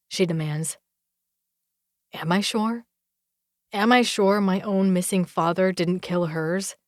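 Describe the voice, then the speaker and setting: A woman narrating a romance audiobook in the first person, with an expressive, measured reading. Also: lowish voice, no room sound, studio quality.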